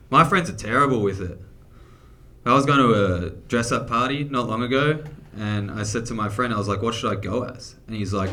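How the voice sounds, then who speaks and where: A man's voice: medium pitch, lively intonation, normal speed, pushed and bright, slight background noise. Australian man doing crude stand-up. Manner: crude, self-mocking punchlines. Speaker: stand-up comedian. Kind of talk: stand-up comedy set. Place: comedy theatre stage with live audience.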